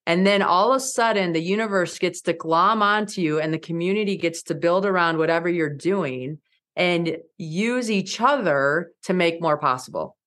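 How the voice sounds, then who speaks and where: A woman in her forties telling her story as an interview guest, lively and laughing often, acting out quoted lines with big jumps in pitch. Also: moderate pace. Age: 40s. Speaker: guest, mountaineer and speaker.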